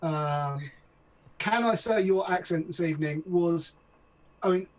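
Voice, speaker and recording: A man's voice: a little high, unhurried, low-quality recording. A man hosting a casual discussion, thoughtful and a little hesitant, handing turns to the others. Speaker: host.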